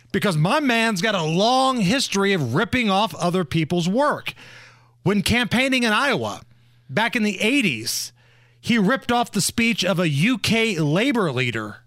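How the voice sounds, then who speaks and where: Man, podcast co-host, mocking, bright voice, dry close sound. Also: sits high, dry recording. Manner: mocking, laughs often. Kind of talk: casual political chat.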